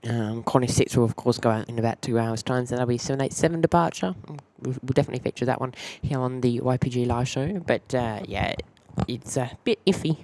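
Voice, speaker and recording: A man's voice: mid-range voice, brisk, few pauses, a little mellow. A man with an Australian accent hosting a live plane-spotting stream, rambling loosely and greeting viewers by name.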